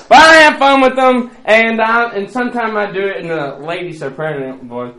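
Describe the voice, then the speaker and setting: A middle-aged man, teaching a bus ministry workshop in a playful, animated way and breaking into song. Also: high voice, moderate pace, few pauses, heavy background noise. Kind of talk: training talk with sung examples.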